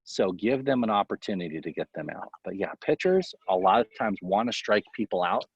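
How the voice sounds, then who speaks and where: Husky, lively-voiced man coaching baseball. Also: lowish voice, fairly quick, no echo. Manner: rambling and animated, full of "you know". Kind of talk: casual interview giving coaching tips. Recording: dull, lo-fi, dry sound.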